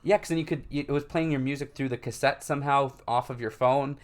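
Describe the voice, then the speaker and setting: A man's voice: mid-range voice, fast talker, crowd noise. A young man co-hosting a podcast in casual chat, talking loosely with lots of fillers and frequent laughs. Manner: laughs often, filler-heavy, animated. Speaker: podcast co-host.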